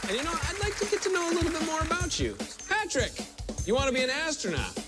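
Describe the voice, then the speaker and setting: Lively, teasing game show host man. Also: very high-pitched, fast talker. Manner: playful, teasing with deadpan jokes. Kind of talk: quick interviews with contestants on a TV game show. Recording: loud game show music behind.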